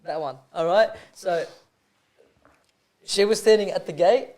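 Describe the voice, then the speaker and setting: A man's voice: high voice, a little slow, darkish tone. A young man, co-hosting a podcast and telling rambling, sweary stories, laughing as he goes. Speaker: podcast co-host. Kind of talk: casual chat, storytelling.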